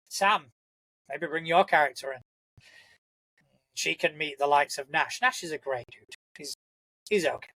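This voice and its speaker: A man's voice: a little high, fairly bright tone, no echo, low-quality recording. A young man hosting a casual solo podcast, rambling and enthusiastic, swearing freely. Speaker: podcast host.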